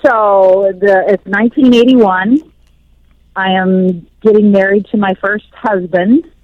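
A woman's voice: medium pitch, steady tone, slow. A woman in her fifties, a radio host telling stories in casual chat, laughing easily. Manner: chatty storyteller, laughs easily. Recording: dull dry radio sound.

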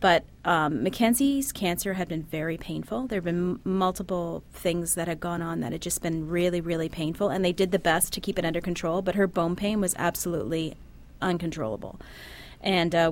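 A middle-aged woman sits for an interview and tells her story in a soft, halting voice. Her pitch sits on the low side, and she often breaks off and starts a sentence again. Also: steady tone, slight background noise. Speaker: interview guest, bereaved mother. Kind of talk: personal testimony.

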